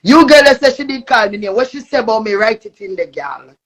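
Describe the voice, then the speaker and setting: A young woman with a Jamaican accent ranting angrily on a live stream, cursing and shouting. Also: a little high, animated, fairly quick. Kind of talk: angry live-stream rant.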